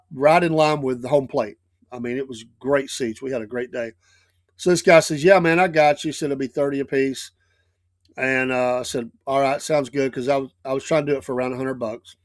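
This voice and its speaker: A middle-aged man with a Southern US accent and a medium-pitched voice hosts a live show. He tells long, rambling stories in a casual way, restarting often, and the recording is dry and studio quality.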